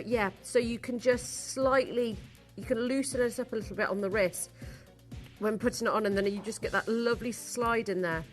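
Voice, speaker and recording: A woman's voice: a little high, a bit bright. A woman presenting on a live shopping channel, chatty, giggly and enthusiastic as she sells jewellery.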